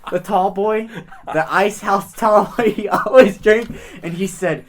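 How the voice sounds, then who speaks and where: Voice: medium pitch, unhurried, slight background noise. A podcast co-host in casual chat, telling loose, profane stories and laughing through them.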